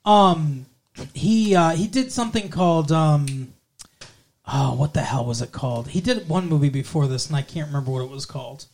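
A man's voice: a little high, animated, moderate pace, darkish tone. A young man casually reviewing a film in conversation, rambling with lots of fillers and restarts. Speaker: podcast co-host reviewing a film.

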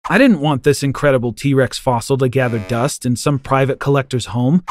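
A man narrating a first-person story in a lively, expressive way. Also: fairly high pitch, no echo.

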